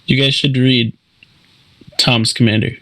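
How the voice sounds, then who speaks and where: A man playing a casual card game with friends, calmly explaining his moves and teasing the others. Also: mid-range voice, measured pace, no room sound, low-quality recording. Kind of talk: casual chat among friends.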